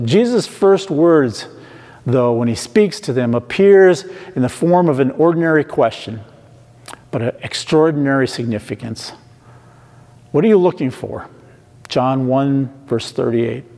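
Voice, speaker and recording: A man preaching an online sermon in a church, slow and emphatic, repeating questions to the listeners. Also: a little high, a little mellow. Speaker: pastor. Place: church sanctuary. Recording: long hall reverb.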